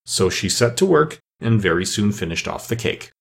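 Man narrating a storybook, husky, lively. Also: lowish voice, normal speed. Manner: expressive storytelling. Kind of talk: audiobook reading.

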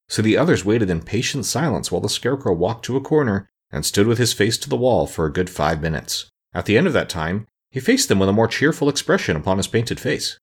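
A man narrating a children's fantasy audiobook with lively, expressive storytelling. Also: sits low, fast talker, few pauses, breathy edge.

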